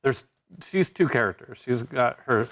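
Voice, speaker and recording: A man running a live tabletop game as game master, with a gravelly edge of vocal fry. He talks haltingly, with plenty of fillers and restarts, at a middling pitch. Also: animated, fairly bright tone. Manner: halting, many fillers and restarts, laughs easily.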